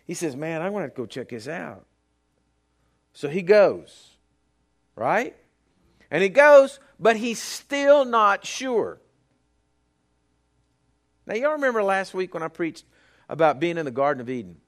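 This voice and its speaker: A man preaching a sermon as pastor, swinging between hushed storytelling and loud emphatic repetition. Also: a little high, very animated, normal speed, long pauses.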